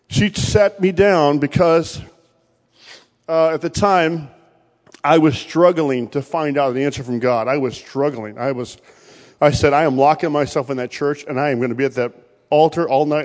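A man with a high voice preaches in a church, and his words carry a long reverb through the sanctuary. He tells stories and acts out little exchanges, jumping from loud, raised lines down to hushed asides. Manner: storytelling with acted-out voices, swinging between loud and hushed. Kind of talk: sermon.

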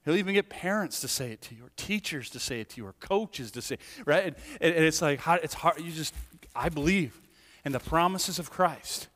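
Fervent pastor with a ringing hall echo. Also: male voice, a little high, fast talker, few pauses. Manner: animated, swings from hushed to emphatic, frequent restarts and "right?". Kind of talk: sermon. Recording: hall reverb.

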